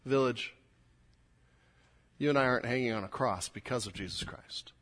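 A man's voice: mid-range voice, normal speed, a bit bright. A pastor preaching a sermon to his congregation. He is earnest and emphatic, and he repeats words as he builds his points.

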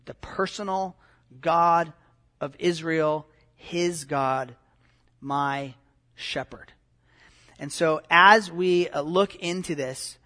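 A man's voice: a little high, sharp tone. A middle-aged man giving a conversational sermon as a pastor, with many fillers and restarts.

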